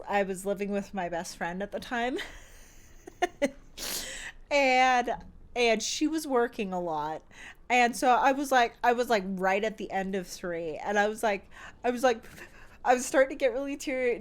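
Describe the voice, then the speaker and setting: A woman game streamer who reads in-game lore entries aloud in a quiet, even voice and chats animatedly with her viewers. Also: medium pitch. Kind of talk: casual live-stream chat and reading game lore aloud.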